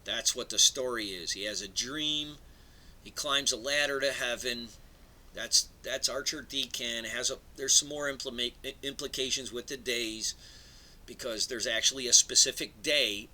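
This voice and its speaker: A man's voice: medium pitch, pushed and bright, low-quality recording. A man giving a digressive, casual talk as an astrology presenter, dropping into asides under his breath. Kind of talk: rambling casual lecture.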